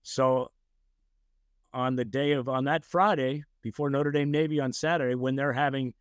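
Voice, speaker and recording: An older man from the United States, a guest telling a lively anecdote in casual conversation, often acting out the voices of the people he quotes. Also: medium pitch, normal speed, smooth, dry recording, clean studio sound. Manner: animated anecdotes, acts out quoted voices, frequent "you know". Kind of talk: casual storytelling.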